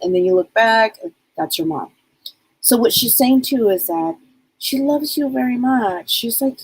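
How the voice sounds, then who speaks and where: Woman doing a live psychic reading, kinda breathy husky voice, rambles a lot. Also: medium pitch, animated, normal speed, a little mellow, low-quality recording. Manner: chatty and rambling, relays spirits' words. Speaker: psychic medium.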